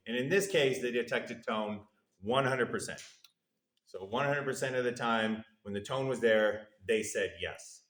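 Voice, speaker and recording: In an echoey room, a man with an ordinary middle-pitched voice gives a university classroom lecture a little slowly. He explains things step by step with a playful streak, dropping his voice low and soft to act out what the test subjects answered.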